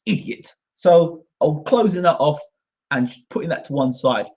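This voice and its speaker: Indignant British man ranting, high voice. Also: measured pace, darkish tone, husky. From Britain. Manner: indignant and combative, repeats himself. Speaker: host. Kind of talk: ranting monologue to camera. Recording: dull lo-fi sound.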